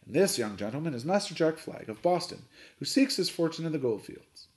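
Brief: formal, unflappable butler, voiced by a man, brisk and pitched high. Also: big pitch swings, a little mellow. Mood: courteous. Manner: formal, courteous, quick speech. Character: polite, unflappable adult male butler.

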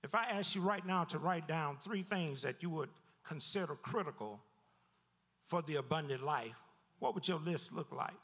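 High-voiced preaching man in a reverberant church. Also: moderate pace, breathy edge. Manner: lively preaching with repeated words and sudden drops in pitch. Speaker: pastor. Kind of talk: sermon. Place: church sanctuary.

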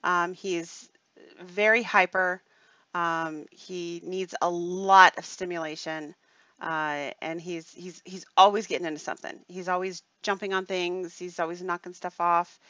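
Chatty woman on a livestream, rambly, keeps saying okay?, tense bright voice, dull dry lo-fi audio. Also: fairly low pitch, fairly even intonation, unhurried, no echo. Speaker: live stream host. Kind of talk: casual chat, reading viewer comments.

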